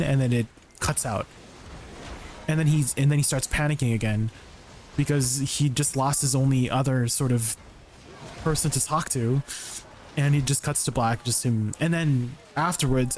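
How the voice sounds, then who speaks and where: A man streaming live, chatting casually to his viewers in a rambling, excitable way, full of restarts and filler words. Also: medium pitch, slight background noise.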